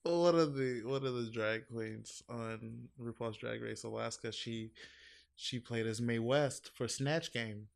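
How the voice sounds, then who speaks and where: A man chatting casually on a podcast, rambling and profane, laughing loudly and mimicking others in high exaggerated tones. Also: slow pace, vocal fry. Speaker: podcast co-host. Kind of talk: casual chat.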